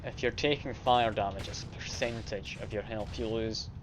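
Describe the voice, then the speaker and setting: A man's voice: lowish voice, steady tone, moderate pace, music in the background. A man from Scotland with a mild Scottish accent, chatting casually and self-deprecatingly with viewers while streaming a game. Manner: self-deprecating, chatty, reads and answers chat. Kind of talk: casual live-stream chat while playing.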